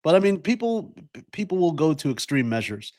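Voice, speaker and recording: Male co-host, mid pitch, dry close sound, quick jokes and laughter. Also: very animated, a little mellow, no echo. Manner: joking, laughs a lot, acts out quick quoted voices. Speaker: podcast co-host. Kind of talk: casual podcast chat.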